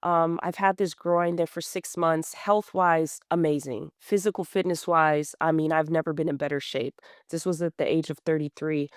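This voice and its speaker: A woman's voice: low voice, steady tone, moderate pace, few pauses, smooth, dry recording, clean studio sound. A woman in her thirties, a podcast guest, telling her story in a blunt, plain-spoken way with many fillers and restarts. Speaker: guest runner. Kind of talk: candid conversational storytelling.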